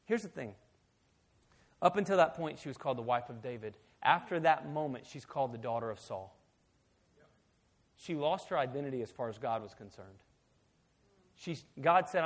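A man preaching a sermon as pastor, swinging from hushed, intimate talk to loud, emphatic shouting. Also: on the high side, expressive, normal speed, pauses often.

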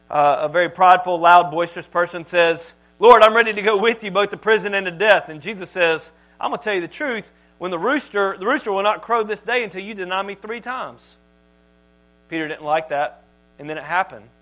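High-voiced, animated male preacher. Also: poor audio. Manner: animated, emphatic delivery with big swings in loudness. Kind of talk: sermon. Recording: mains hum in background.

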